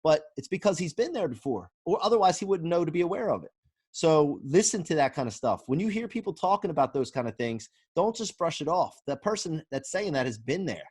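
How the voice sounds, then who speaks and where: Chatty podcast host with a dry sound. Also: male voice, on the high side, big pitch swings, a little fast, darkish tone, slightly rough, no room sound. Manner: chatty, rambling questions. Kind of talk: casual podcast interview.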